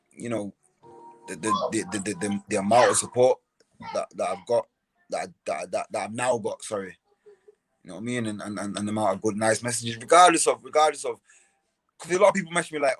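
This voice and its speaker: A man's voice: lowish voice, breathy edge, dry recording. A young man, a boxer, talking casually as a podcast guest, often repeating words and restarting his sentences. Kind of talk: casual interview talk.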